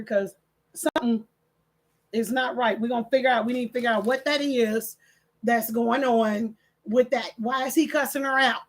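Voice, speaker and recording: Lively high-voiced older woman chatting. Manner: animated storytelling with quoted voices. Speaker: channel host. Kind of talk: casual chat reading comments.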